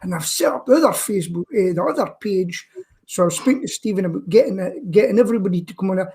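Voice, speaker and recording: A man's voice: high-pitched, expressive, fast, a little mellow. A man with a Scottish accent, a guest chatting on a live-stream talk show, cracking jokes and telling stories. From Scotland. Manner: joking, chatty storyteller. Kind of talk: casual chat.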